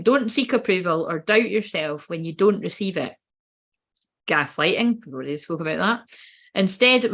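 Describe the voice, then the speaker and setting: A woman's voice: mid-range voice, fairly bright tone. A woman in her late thirties giving a casual live-stream card reading, rambling, swearing freely and breaking off mid-sentence. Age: late 30s. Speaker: oracle card reader.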